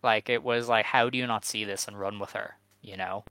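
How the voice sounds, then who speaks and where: Guy hosting a podcast, chatty and rambly, bright voice, dry close sound. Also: on the low side, fairly even intonation, a little fast, no room sound, low-quality recording. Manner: chatty, filler-heavy recapping. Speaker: podcast host. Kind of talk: casual chat.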